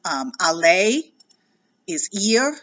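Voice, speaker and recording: Bright-voiced woman teaching a grammar lesson. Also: fairly low pitch, big pitch swings, very slow, highs cut off. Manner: patient, explanatory, spells out letters. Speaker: French teacher.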